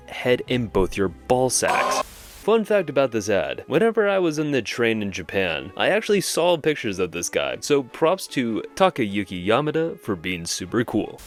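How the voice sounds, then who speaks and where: A man's voice: mid-range voice, big pitch swings, moderate pace, faint music behind. A man in his twenties hosting an animation channel, giving joking, self-deprecating comedic commentary.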